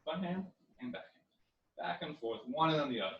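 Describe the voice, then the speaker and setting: A young man teaching a home karate class, coaching drills and counting moves with loud yells. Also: on the high side, lively intonation, brisk, muffled recording. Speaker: karate instructor. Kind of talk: online exercise class. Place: living room. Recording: echoey room, far from mic.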